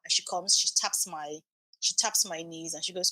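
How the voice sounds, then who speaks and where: A woman's voice: lowish voice, moderate pace, no echo. A woman in her thirties, a podcast guest, telling an emotional birth story and acting out the dialogue. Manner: animated, acts out quoted dialogue.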